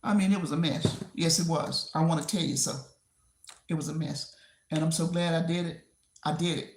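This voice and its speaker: A woman hosting a casual livestream from home while she clears her desk. She rambles and repeats herself, laughing often. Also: low-pitched, fairly even intonation, normal speed, a little hiss or hum. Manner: rambling and repetitive, with frequent laughs. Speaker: livestream host. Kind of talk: casual live-stream chat. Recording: roomy echo.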